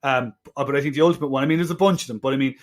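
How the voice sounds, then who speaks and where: A man co-hosting a film podcast, talking casually with lots of restarts and wry asides. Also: medium pitch. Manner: halting, many restarts, wry. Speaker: podcast co-host.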